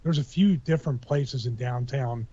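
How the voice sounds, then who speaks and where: A man's voice: mid-range voice, moderate pace, warm tone, slightly rough, dry recording. A man chatting casually on a podcast, rambling and joking with many restarts. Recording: dull lo-fi sound.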